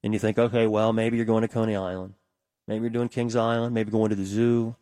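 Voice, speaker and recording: A man's voice: lowish voice, little pitch movement, a little fast, dark tone, no echo, studio quality. A man filling in as a radio talk host, rambling conversationally and tossing questions out to listeners on a call-in show. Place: radio studio.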